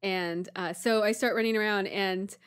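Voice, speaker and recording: A woman in her thirties, co-hosting a podcast, telling a story in a casual, animated way and acting out panicked voices with laughter. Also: mid-range voice, normal speed, clear, resonant tone. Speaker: podcast co-host.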